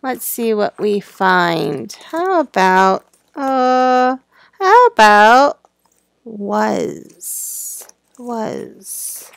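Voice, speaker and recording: A middle-aged woman teacher giving a slow, sing-song lesson to young children, spelling words out letter by letter. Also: a little high, big pitch swings, gravelly, no echo.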